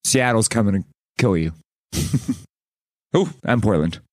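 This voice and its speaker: Guy teasing his mates, animated swingy voice, dry close mic. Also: fairly low pitch, takes it slowly, no room sound. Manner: teasing, tells short anecdotes. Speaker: tabletop game player. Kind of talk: casual banter between players.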